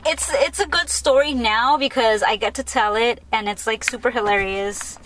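A young woman hosting a podcast, telling a story in a casual, excitable way, full of "like" and laughter. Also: fairly high pitch, normal speed. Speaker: podcast host.

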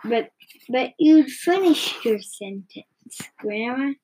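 A woman voicing a polite, cheeky young boy in a storybook read slowly aloud. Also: high voice, animated, warm tone, slight background noise.

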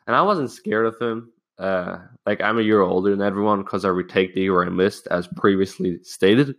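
A man's voice: low-pitched, moderate pace, a bit bright. Rambling young man telling a story. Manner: rambling, swears freely, acts out quoted lines. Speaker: podcast host. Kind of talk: casual storytelling monologue.

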